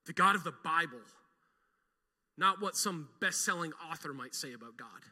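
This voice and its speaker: Middle-aged man, pastor; emphatic sermon, high and very bright voice. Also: expressive, normal speed, big-room sound. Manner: emphatic, leads call-and-response with the congregation.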